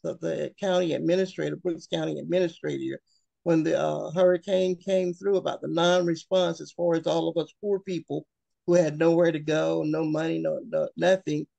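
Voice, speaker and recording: Earnest woman speaker, gravelly voice, slow heartfelt delivery, dry recording. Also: sits low, steady tone, warm tone, dry recording, dull audio. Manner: emotional, earnest, with long pauses. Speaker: webinar speaker. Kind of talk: heartfelt personal talk.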